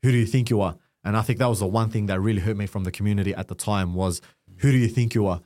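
Young Aussie guy, podcast guest, lower voice, animated storytelling. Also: very fast. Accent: Australian. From Australia. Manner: animated storytelling with acted-out quotes. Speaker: guest content creator. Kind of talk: casual podcast conversation.

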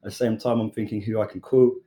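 A young British man, a chef, casually telling a lively story and acting out the voices of the people in it. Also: fairly low pitch, fast talker. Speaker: chef and podcast guest.

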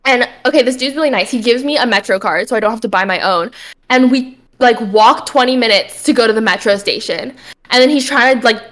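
A young woman with a slightly high voice, chatting casually as a podcast co-host. She tells her story in an animated way, acting out what people said, with plenty of swearing mixed in. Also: fairly quick. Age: young adult. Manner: animated storytelling, acts out quotes, frequent swearing. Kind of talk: casual chat.

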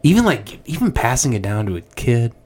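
A laid-back man hosts a casual chat in a studio, candid and wry. His pitch swings widely, dropping low and quiet at the ends of thoughts. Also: very animated, fairly quick. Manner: candid, laid-back, trails off into soft asides. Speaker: podcast host.

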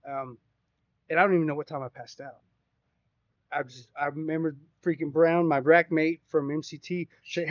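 A man's voice: fairly high pitch, fairly quick, no echo. A man casually telling a rambling, profane story on a podcast. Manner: profane, rambling, animated retelling. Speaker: podcast co-host. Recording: dry, slightly dull sound.

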